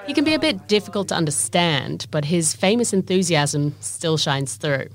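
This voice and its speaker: A woman narrating a documentary in a measured, steady scripted voice. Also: fairly low pitch.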